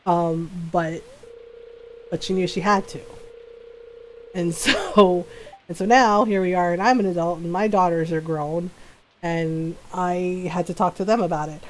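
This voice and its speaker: A woman's voice: lowish voice, a little slow, darkish tone, poor audio. A middle-aged woman game streamer, telling family stories in casual chat and laughing often. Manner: chatty storyteller who laughs often.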